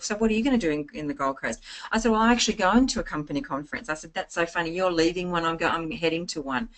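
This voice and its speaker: A woman giving an informal sales training talk, full of anecdotes, chatty and lively, restarting her phrases often. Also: fairly low pitch. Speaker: network marketing trainer.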